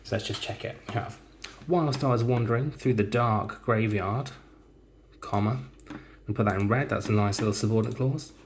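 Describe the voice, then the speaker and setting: A male teacher typing out a model story as he speaks, reading each word and punctuation mark aloud in a slow, deliberate way. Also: fairly low pitch, a little hiss or hum.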